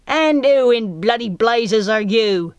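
A scruffy lookout snarls in a nasal, sinister voice, as a woman puts him on. He speaks slowly and loudly, with a strained tone. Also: fairly high pitch, animated, smooth, no echo, dull audio. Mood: snarling.

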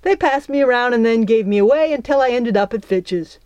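A woman's voice: a little high, expressive, darkish tone, smooth, dry recording, pitched above the performer's own voice, lightly acted. A woman voicing a cheerful, blunt twelve-year-old girl who talks in a jovial rush. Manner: jovial, rushed.

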